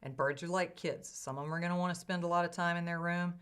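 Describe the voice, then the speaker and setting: Lively low-voiced woman podcast co-host. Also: quick pace, smooth. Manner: lively, chatty advice-giving with restarts. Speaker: improviser. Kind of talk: casual chat.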